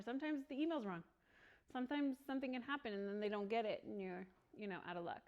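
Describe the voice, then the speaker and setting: A woman leading a real estate training session for a small group, chatty and quick to laugh, often acting out little bits of dialogue. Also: a little high, lo-fi sound. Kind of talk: workshop teaching.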